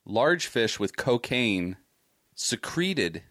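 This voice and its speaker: Dry, lively-voiced male news host. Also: mid-range voice, normal speed, no room sound. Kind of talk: reading news stories in casual chat.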